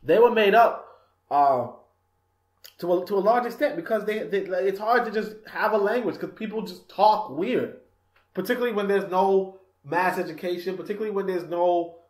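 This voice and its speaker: In an echoey room, a male radio host and author delivers a casual talk-radio monologue at a moderate pace. His voice is high-pitched, and he rambles, laughs a lot and fills gaps with "you know."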